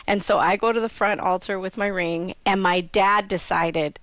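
A woman's voice: medium pitch, normal speed, dry recording. A young adult woman sharing a personal story as a podcast guest, acting out voices and dropping to a near-whisper at tender moments. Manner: animated, acts out quoted voices, drops to near-whisper.

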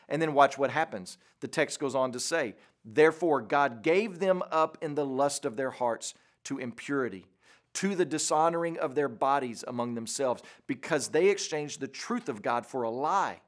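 A man preaching a sermon in an earnest, deliberate way, pausing for emphasis. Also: medium pitch.

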